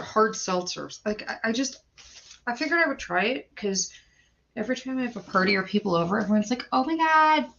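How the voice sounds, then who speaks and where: A woman's voice: mid-range voice, vocal fry, a bit bright. A woman in her thirties hosting a casual firearms livestream, chatty and rambling, greeting viewers by name and restarting her sentences often. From western Pennsylvania, USA. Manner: frequent stammered restarts and filler words. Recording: dull lo-fi stream audio.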